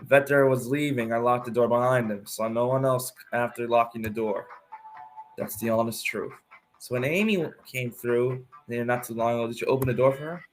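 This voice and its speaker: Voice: mid-range voice, steady tone, moderate pace, natural voice. A player voicing a defensive male echidna sheriff in a mock cowboy drawl, reading game dialogue with faint music behind. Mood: earnest. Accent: put-on cowboy drawl.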